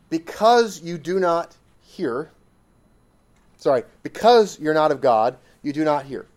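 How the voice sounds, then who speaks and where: A man's voice: sits high, a little mellow. A man preaching a sermon, emphatic and repetitive, pressing points with rising exclamations.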